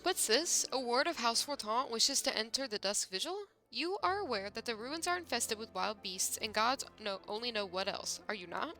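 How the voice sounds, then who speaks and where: A woman's voice: a little high, animated, normal speed, few pauses, pushed and bright, faint music behind. A woman reading a sardonic gate guard. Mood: sarcastic. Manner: sarcastic, formal.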